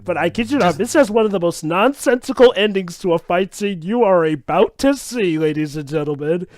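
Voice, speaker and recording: Casting note: man, very high and lively voice, sarcastic watch-along commentator, dry mic. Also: a little fast, dry recording. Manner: sarcastic, exasperated. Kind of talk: casual commentary over an episode.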